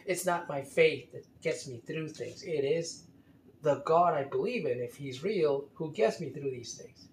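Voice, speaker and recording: A fairly high-voiced man talks off the cuff in an exasperated, emphatic way, tripping over his words and restarting often. The room adds a noticeable echo with a faint hum of background noise behind him. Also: lively intonation, unhurried. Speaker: commentator critiquing a religious article. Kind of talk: unscripted commentary.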